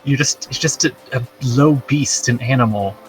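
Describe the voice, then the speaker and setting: A man's voice: mid-range voice, normal speed, recorded from a distance, soft background music, poor audio. A man co-hosting a casual tabletop gaming podcast, joking and rambling with many fillers. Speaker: podcast co-host. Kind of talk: casual chat about a tabletop game.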